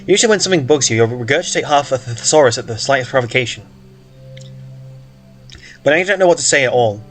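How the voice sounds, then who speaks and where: In a story game, a man reads a tale aloud casually, pausing for jokes and asides and tripping over words. His medium-pitched voice is lively and fast, with faint music in the background.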